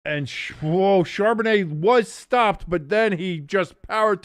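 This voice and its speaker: A man hosting a live watch-along stream, calling the plays casually and jumping sharply in pitch and volume on big moments. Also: slow, no echo. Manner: mumbles and scats to himself while thinking. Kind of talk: casual live play-by-play commentary.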